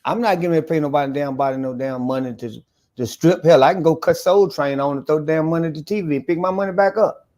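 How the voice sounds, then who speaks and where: A man's voice: a little high, fast talker, darkish tone. A man who is a guest on a casual podcast, joking bluntly and cursing for emphasis. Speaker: guest, apparel business owner. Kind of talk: casual live-stream podcast chat.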